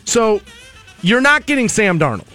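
High-pitched guy doing sports radio talk, hammers his point home, soft music under it. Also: sing-song, moderate pace. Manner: opinionated, builds arguments with repeated lines. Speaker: radio sports show host.

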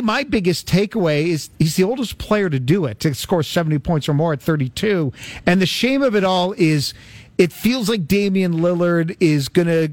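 Male sports radio host, high register, dry studio sound, sarcastic and chatty. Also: dry recording. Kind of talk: sports talk banter.

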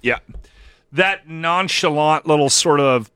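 A man hosting a casual morning radio show, chatty and animated, acting out what other people say. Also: fairly high pitch, takes it slowly, clear, resonant tone, no echo. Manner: chatty, animated, acts out quotes.

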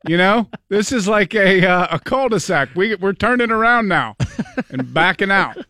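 High, bright-voiced sardonic man. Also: animated, moderate pace, no echo, clean studio sound. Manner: sardonic, joking. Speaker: radio show co-host. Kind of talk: casual radio banter. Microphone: studio microphone.

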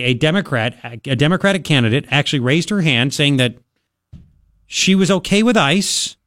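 Man, talk radio host, opinionated, rambling, sarcastic, somewhat high-pitched. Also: fairly bright tone, no echo, studio quality.

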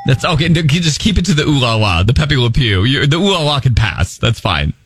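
A man's voice: mid-range voice, sing-song, brisk, breathy edge, no room sound. A man co-hosting a comedic morning radio show, teasing and reacting with laughs, with an American accent.

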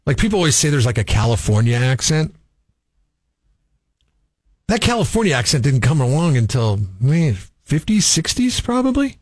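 Animated male radio co-host. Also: a little high, normal speed, no echo. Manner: animated, opinionated, chuckles while talking. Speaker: radio morning show co-host. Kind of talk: casual radio banter.

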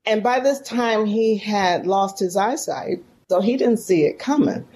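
A woman from San Francisco, a guest in an interview, telling a story in a folksy, animated and emotional way. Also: medium pitch, unhurried. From San Francisco, California. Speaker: podcast guest, professor.

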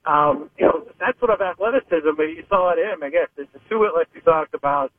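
High-voiced man on a phone line. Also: lively intonation, brisk, no room sound. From Pittsburgh. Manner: rambling, hesitant, many restarts. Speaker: sports reporter guest. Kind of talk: phone-in sports radio analysis.

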